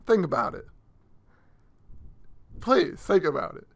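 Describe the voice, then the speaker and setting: A man's voice: a little high, big pitch swings, slow pace, gravelly, a bit bright. A young man co-hosting a casual podcast, rambling and insisting on odd theories. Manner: rambling, insistent conspiracy rant. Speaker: podcast co-host. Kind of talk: casual chat.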